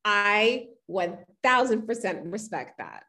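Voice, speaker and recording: A woman co-hosting a podcast in casual chat, animated and acting out the voices of people she quotes. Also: medium pitch, takes it slowly. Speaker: podcast co-host.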